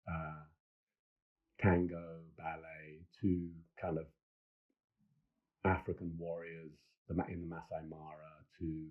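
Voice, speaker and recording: A middle-aged man, a film director and podcast guest, telling enthusiastic, rambling stories with many restarts. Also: deep voice. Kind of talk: casual podcast storytelling. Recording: dull lo-fi sound.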